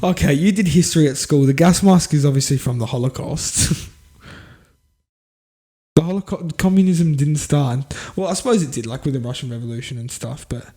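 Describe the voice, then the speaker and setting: Rambling Australian man, a bit high. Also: normal speed, mellow. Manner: rambling, laughs often. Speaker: podcast co-host. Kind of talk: casual banter.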